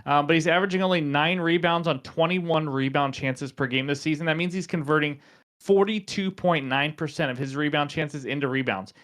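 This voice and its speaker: A man's voice: on the high side, brisk, a bit bright. A young man hosting a sports betting picks show, chatty and self-deprecating with frequent fillers.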